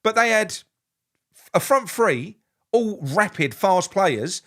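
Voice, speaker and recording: A man hosting a live football reaction stream, answering chat and venting his anger. He swears freely and often restarts his sentences. His voice sits a little higher than most men's. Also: very animated, slow, pauses often, fairly bright tone. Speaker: fan channel host.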